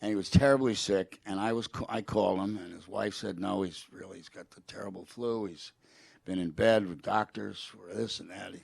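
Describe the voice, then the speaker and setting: A man's voice: low-pitched, creaky, a little mellow, slightly rough, no room sound. An older man telling anecdotes as a guest in a public conversation, with frequent restarts and quoted remarks. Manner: rambling anecdotes with restarts, quoting a president.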